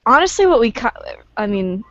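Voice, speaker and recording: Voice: mid-range voice, big pitch swings, a little fast, a bit bright. Rambling podcast co-host, dull lo-fi sound. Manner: rambling, many fillers. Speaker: podcast co-host, tabletop game player. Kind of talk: casual podcast chat.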